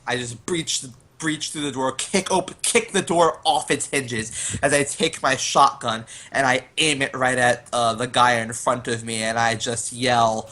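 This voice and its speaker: Bright, excitable tabletop gamer. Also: male voice, medium pitch, unhurried, few pauses. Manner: excitable, acts out his character's lines with sudden shouts. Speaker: player. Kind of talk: narrating his character's actions in a tabletop game.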